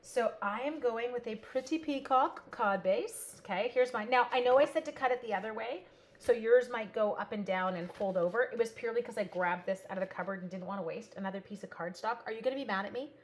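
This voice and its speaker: A woman's voice: fairly high pitch, brisk. A middle-aged woman hosting a live card-making tutorial, bubbly and chatty, joking at her own expense as she greets viewers. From Canada.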